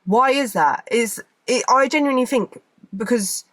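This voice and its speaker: A woman's voice: on the high side, moderate pace, a bit bright, dry recording. A young woman, chatting casually to camera as a vlogger, rambling and repeating herself.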